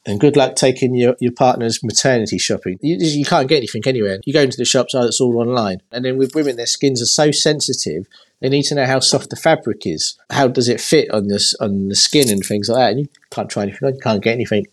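A man's voice: medium pitch, fast. A young man co-hosting a casual podcast chat as an expectant father, rambling and laughing at himself.

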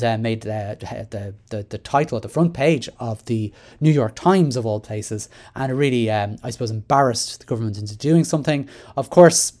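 A man's voice: fairly low pitch, darkish tone. An Irish man hosting a solo education podcast, talking in a chatty, rambling way with many fillers and restarts. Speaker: podcast host.

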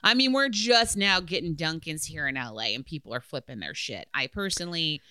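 Young woman co-host, animated and chatty, bright clear tone, dry close sound. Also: sits low, brisk, no echo. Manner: chatty, lots of fillers, swears casually. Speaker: podcast co-host. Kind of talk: casual chat.

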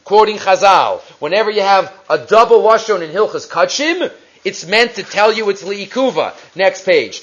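A man's voice: sits high, fairly bright tone, highs cut off. A man giving a Torah class, reading Hebrew sources aloud and explaining them in English, asking and answering his own questions. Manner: mixes Hebrew and Aramaic quotes into English. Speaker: Torah teacher.

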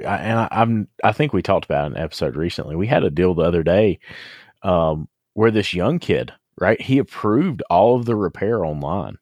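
A man hosting a podcast, recounting a customer story in casual chat, with many halting restarts and fillers. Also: sits low, darkish tone, no room sound.

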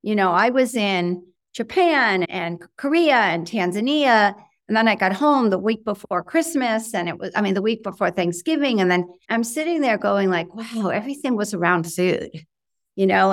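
A middle-aged woman, medium in pitch, appears as a guest in a conversational interview. She's chatty and animated, using lots of fillers and acting out quotes of her own thoughts.

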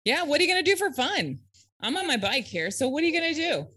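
A woman co-hosting a podcast, asking quick, playful questions in casual chat. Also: sits high, big pitch swings, pushed and bright. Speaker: podcast co-host.

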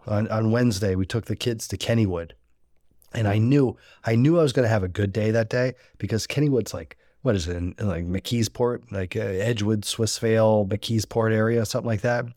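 A man's voice: on the low side, brisk, darkish tone, dry recording, studio quality. A man hosting a cooking podcast, chatting casually in a rambling, self-deprecating, joking way. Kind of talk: casual chat. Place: rural homestead.

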